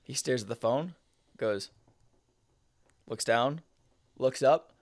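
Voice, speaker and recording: A young man co-hosting a casual podcast, telling a story with lively reenacted dialogue and cursing. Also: mid-range voice, takes it slowly, dry recording. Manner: animated, reenacts dialogue, swears. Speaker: podcast co-host.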